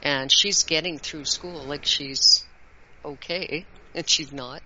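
Bright-voiced woman telling a story. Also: low-pitched, slow, slight background noise. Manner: animated storytelling with laughs. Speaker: art teacher. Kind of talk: casual conversation. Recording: dull lo-fi sound.

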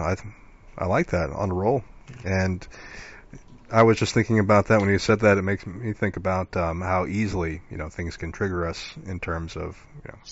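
A man's voice: sits low, lo-fi sound. A male show host in casual live-stream chat, affirming and rambling with many fillers.

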